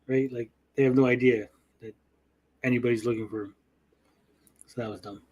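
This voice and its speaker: A man's voice: medium pitch, steady tone, moderate pace, a little mellow, rough recording. A man co-hosting a casual review chat, blunt and profane, often mimicking characters. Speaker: podcast co-host.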